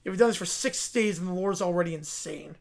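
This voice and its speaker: A man with a notably high speaking voice hosts a casual livestream, tossing out incredulous comments between readings. His talk is loose and conversational. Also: a little fast, creaky. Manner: incredulous, laughing asides. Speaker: livestream host. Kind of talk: casual live reaction chat.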